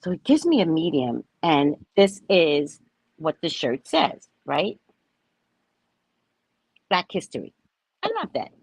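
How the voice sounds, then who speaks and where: A woman with a low voice hosts and tells a story casually, recorded with poor audio but no echo. She's animated, acting out the quotes, repeatedly tagging sentences with "right?", and swearing casually.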